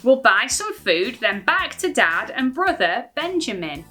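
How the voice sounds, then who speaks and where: Bright, lively English woman presenter. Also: on the high side, measured pace, soft background music. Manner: lively, sing-song storytelling. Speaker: children's ministry presenter. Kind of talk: reading a rhyming bible story to kids.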